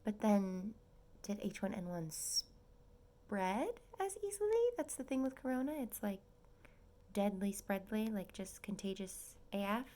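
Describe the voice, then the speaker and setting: A young woman vlogging from her small apartment as a nursing student, chatting and gushing and often dropping into a soft whisper. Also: mid-range voice, expressive, a little slow, slight background noise. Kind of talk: casual vlog update.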